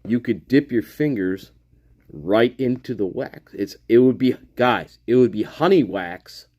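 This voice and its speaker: A man's voice: medium pitch, animated, unhurried, darkish tone, no echo, highs cut off. A man hosting a casual livestream, talking in a rambling, profane, repetitive way and laughing often. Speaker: livestream host.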